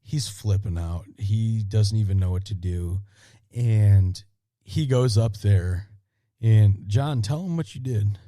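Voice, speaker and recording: A man's voice: on the low side, takes it slowly, mellow, no room sound, clean studio sound. A man casually chatting on a podcast, amused and teasing his friend about a story. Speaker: podcast co-host.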